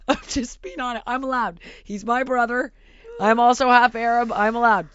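A woman's voice: on the high side, moderate pace, no echo, muffled recording. A woman hosting a casual podcast, telling a family story bluntly and acting out the quotes. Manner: blunt, animated, acts out quotes. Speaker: podcast host.

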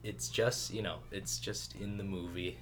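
A man hosting a podcast in casual chat, laid-back and trailing off into quieter asides. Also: deep voice, fairly even intonation, unhurried, faint music behind. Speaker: podcast host.

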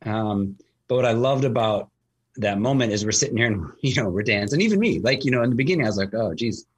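A man's voice: mid-range voice, lively intonation, quick pace, breathy edge. A man talking casually as a host, telling a long story with lots of fillers and restarts. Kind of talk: casual conversation.

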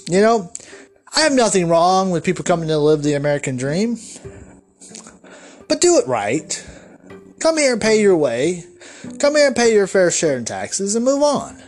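A man's voice: sits high, sing-song, normal speed, pauses often, darkish tone, faint music behind. A man delivering a solo podcast monologue, ranting in a rambling, profane way with lots of restarts. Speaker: podcast host.

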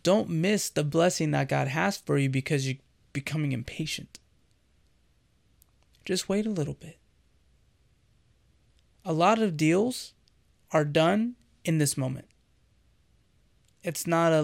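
Earnest gravelly man preaching. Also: on the high side, slow pace, pauses often. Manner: earnest, conversational, addresses listener directly. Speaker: Christian devotional host. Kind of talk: conversational sermon.

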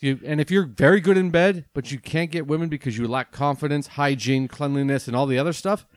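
A man with a slightly high voice trades blunt, profane banter around a table. He swears freely and jumps in animatedly. The sound is dry and close. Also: steady tone, fairly quick, no room sound. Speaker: podcast co-host. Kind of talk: casual banter. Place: table in a dry studio room.

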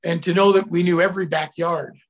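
A middle-aged man, a guest telling anecdotes in a casual, animated way, bursting into shouted quotes. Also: sits high, fairly quick. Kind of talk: casual storytelling.

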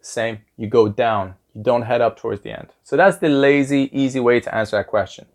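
A man's voice: mid-range voice, brisk, darkish tone. A man hosting a podcast language lesson as a teacher, upbeat and repeating phrases with exaggerated rising intonation.

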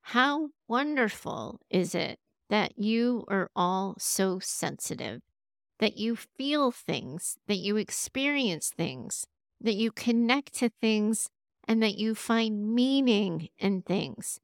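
A woman's voice: mid-range voice, lively intonation, takes it slowly, no room sound, clean studio sound. A woman hosting an advice podcast, talking straight to her listeners with the odd laugh. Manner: warm direct advice, speaking straight to listeners; laughs now and then. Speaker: podcast host.

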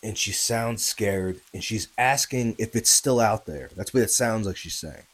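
Husky-voiced man telling a true story. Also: lowish voice, unhurried, low-quality recording. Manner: conversational, addresses listeners, many fillers and tag questions; grows louder and more urgent at tense moments. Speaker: podcast host and narrator. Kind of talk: casual true-story narration.

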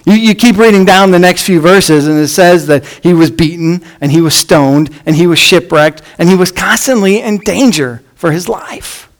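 A pastor delivering a sermon, swinging between emphatic lines and hushed ones, and reading scripture aloud with emphasis. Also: male voice, high-pitched, normal speed, few pauses.

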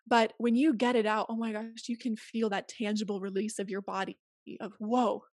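A woman's voice: mid-range voice, little pitch movement, brisk, darkish tone, no echo, clean studio sound. A woman speaking as an interview guest, earnest and emphatic as she gives advice in casual conversation. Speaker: podcast guest.

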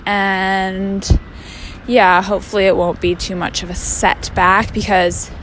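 A woman's voice: mid-range voice, flat delivery, slow, fairly bright tone, a little hiss or hum. A young woman from Canada, rambling through a casual vlog update full of fillers and slangy asides. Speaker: vlogger. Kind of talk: casual chat.

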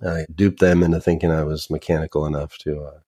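A man with a notably low voice tells stories as a podcast guest. He talks in a loose, chatty way. He pokes fun at himself and laughs easily between thoughts. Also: level tone, fast, mellow. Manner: chatty and self-deprecating, laughs while telling stories. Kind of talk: casual storytelling interview.

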